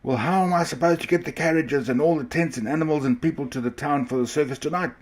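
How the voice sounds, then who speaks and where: A man's voice: on the low side, expressive, measured pace. A man playing a bellowing angry ringmaster. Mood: furious. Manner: bellowing, shouting. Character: angry blustering male circus ringmaster.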